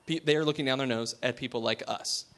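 A man's voice: mid-range voice, quick pace, fairly bright tone. A man preaching a conversational sermon to a small congregation in a room, speaking frankly and informally with frequent restarts.

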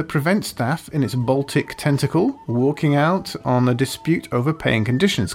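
A man co-hosting a casual radio show, reading odd news items with giggles and teasing asides. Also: on the high side.

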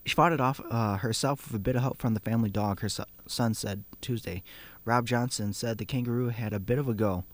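A man's voice: mid-range voice, brisk. A man hosting a casual news show, reading stories aloud with fillers and restarts.

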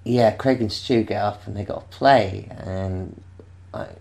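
Deep gravelly man telling a rambling story. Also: unhurried, a little mellow. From England. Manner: rambling, self-interrupting, laughing storyteller. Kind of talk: casual anecdote.

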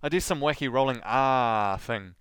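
Southland New Zealand man, smooth and dry. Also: medium pitch, expressive, normal speed, a bit bright, no echo. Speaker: podcast host. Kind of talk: scripted podcast monologue.

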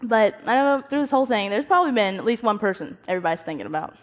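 Animated young woman giving a devotional talk. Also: mid-range voice, racing. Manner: animated, acts out quoted voices, laughs at herself.

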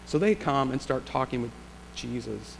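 A man's voice: medium pitch, lively intonation, normal speed, creaky. A male pastor preaching a sermon in a church sanctuary, in a reflective, conversational way with rhetorical questions. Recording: long church reverb, faint hum.

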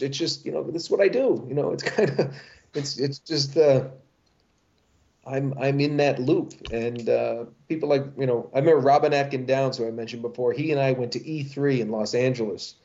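A man's voice: mid-range voice, warm tone. A middle-aged man, a voice actor, chatting in an interview in a rambling, playful way and often restarting his sentences. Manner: rambling, self-correcting, playful. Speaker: voice actor guest. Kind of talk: casual interview chat. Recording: dull lo-fi sound.

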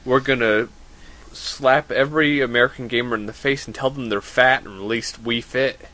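A man co-hosting a gaming podcast, reacting fast and cracking crude jokes in casual chat. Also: mid-range voice, fairly even intonation, pushed and bright. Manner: quick reactions, crude jokes, gropes for words. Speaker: podcast co-host.

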